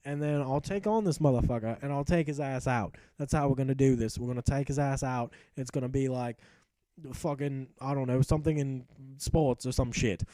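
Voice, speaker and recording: A man's voice: medium pitch, brisk, dark tone, no echo. A young man giving profane, mock-epic narrated commentary over a game he plays. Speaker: gaming commentator. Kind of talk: comic narrated gameplay commentary.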